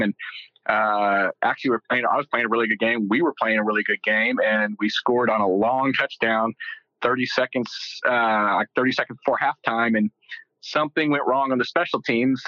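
Brief: middle-aged man, rambling joking storyteller, bright forceful tone, dry close sound, slightly dull audio. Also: medium pitch, steady tone, fairly quick, dry recording. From Texas. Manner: joking, rambling with many fillers. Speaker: guest. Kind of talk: casual storytelling interview.

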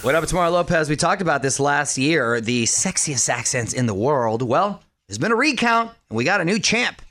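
Lively male radio host. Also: a little high, moderate pace. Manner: lively, playful, jokey impressions. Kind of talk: upbeat radio show banter.

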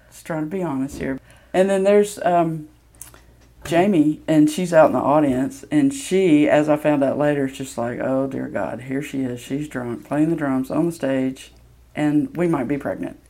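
Gravelly woman telling a story. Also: sits low, warm tone. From Mississippi, USA. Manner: candid, self-deprecating, loose with fillers. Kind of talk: personal storytelling.

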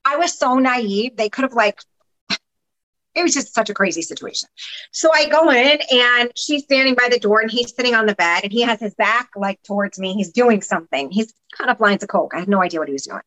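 A woman guest on a podcast, candidly recounting her past in an animated, casual way, sometimes swearing and acting out what others said. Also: a little high, brisk, low-quality recording. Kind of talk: candid personal storytelling.

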